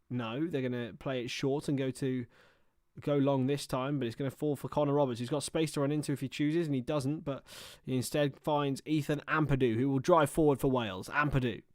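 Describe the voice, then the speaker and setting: A man's voice: medium pitch, dry recording, studio quality. A man commentating live on a football match for a livestream, mixing play-by-play with chatty, self-mocking asides.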